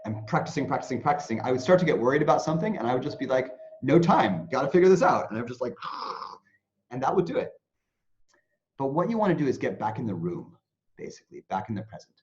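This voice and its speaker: A man, an interview guest who teaches mindfulness, explaining in an animated way and acting out anxious inner voices. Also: mid-range voice, very fast. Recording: dull lo-fi sound.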